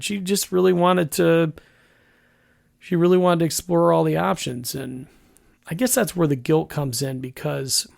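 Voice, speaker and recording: A man's voice: on the high side, moderate pace, gravelly, a little mellow, no room sound, clean studio sound. A middle-aged man, telling a personal story as a podcast host, frank and conversational with many restarts.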